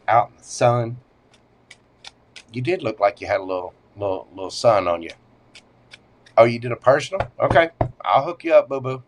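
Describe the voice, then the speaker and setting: Man, tarot livestream host, chatty and animated, uses pet names, voice swings between high and low. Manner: animated, swings up and down in pitch and loudness. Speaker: tarot reader hosting a livestream. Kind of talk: casual livestream tarot reading.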